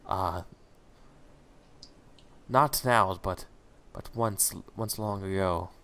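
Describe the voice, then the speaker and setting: A man's voice: deep voice, very slow, fairly bright tone, heavily acted. A man voicing an old, formal wizard in a tabletop story game, speaking in an archaic way. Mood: solemn. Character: old male wizard, last of his kind, formal and calm.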